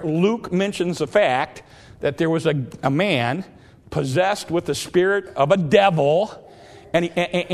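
A man's voice: a little high, in a large hall. A man preaching a sermon in an earnest, plain way, often repeating and restarting his words.

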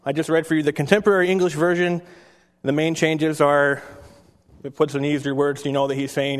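A man with a somewhat high voice delivers a sermon, moving easily between chatty asides to his congregation and solemn readings from scripture. His voice rings out with a long hall reverb, as if recorded in a church sanctuary. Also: little pitch movement, fairly quick. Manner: conversational preaching with scripture reading. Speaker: pastor.

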